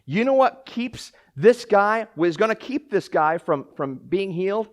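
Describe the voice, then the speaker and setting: This pastor's high voice moves at a measured pace, jumping from soft asides to cries that are almost shouted. He gives a lively sermon, acting out quoted lines and often repeating or restarting what he says.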